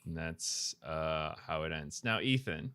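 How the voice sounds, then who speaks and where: A man's voice: rumbling low, animated, measured pace, bright, forceful tone, smooth, no room sound. A man co-hosting a casual podcast, teasing and joking with mock drama. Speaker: podcast co-host. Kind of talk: casual chat.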